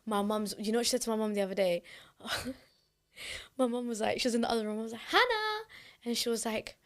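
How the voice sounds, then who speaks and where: A woman's voice: on the high side, little pitch movement, quick pace. A woman, casually telling funny anecdotes as a mother. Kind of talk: casual chat.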